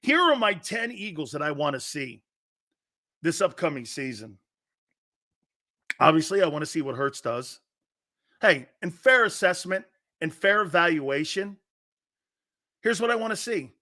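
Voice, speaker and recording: A man's voice: a little high, very animated, a little slow, pauses often, sharp tone. A man hosting a casual live sports talk show who keeps breaking into laughter, jokes around and answers viewer comments by name.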